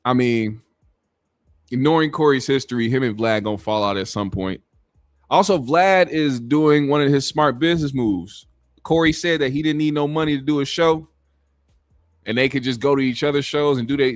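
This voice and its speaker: A man's voice: medium pitch, no echo. A man hosting a casual commentary stream, rambling in a laid-back, profane way. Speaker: show host.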